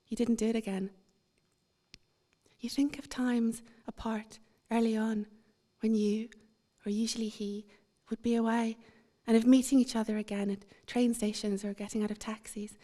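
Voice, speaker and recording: A woman giving a measured, introspective literary reading at a seminar. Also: fairly high pitch, mellow. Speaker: author reading.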